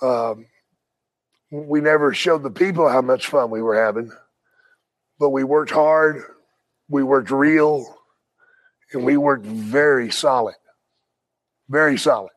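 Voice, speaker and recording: An older man, a retired wrestler and podcast guest, telling stories in a casual, profane, animated way with frequent laughs. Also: medium pitch, slow pace, long pauses, rough recording. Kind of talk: casual storytelling.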